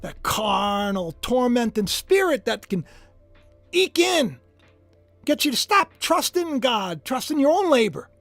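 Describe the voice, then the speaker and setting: Male livestream preacher, animated and emphatic, dry voice over faint music. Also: very high-pitched, measured pace, gravelly, no room sound. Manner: emphatic, swings from hushed to shouting. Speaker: preacher streaming live.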